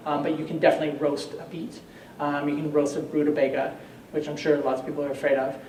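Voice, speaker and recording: Heard at a distance in a reverberant hall, this male chef talks fast in a slightly mellow, rather high voice with little pitch movement. His live cooking demonstration is chatty and jokey, packed with fillers, and faint noise sits under the distant-mic recording.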